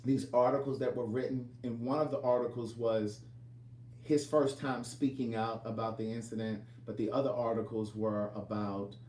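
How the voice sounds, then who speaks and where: A man's voice: mid-range voice, little pitch movement, moderate pace, darkish tone, distant mic. A man who writes books, talking casually to his viewers and telling a long story. He rambles and keeps restarting his phrases. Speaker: author and vlogger. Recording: echoey room, voice from off-mic.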